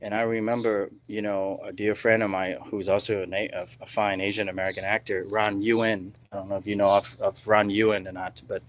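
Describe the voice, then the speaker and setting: A man's voice: fairly low pitch, level tone, a little fast, few pauses. A middle-aged man, an actor guesting on a podcast, telling a story casually with lots of restarts and "you know"s.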